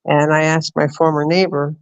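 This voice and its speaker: A woman from New Jersey hosting a casual late-night chat over an online call, telling stories in quick animated bursts. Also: deep voice, smooth, no echo, lo-fi sound. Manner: animated storyteller, rapid bursts. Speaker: host.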